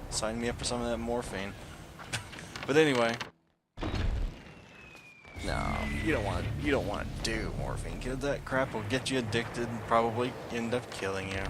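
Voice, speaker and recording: A man's voice: mid-range voice, noisy background. A man giving casual gameplay commentary, rambling with joking asides and correcting himself as he goes. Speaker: let's play commentator.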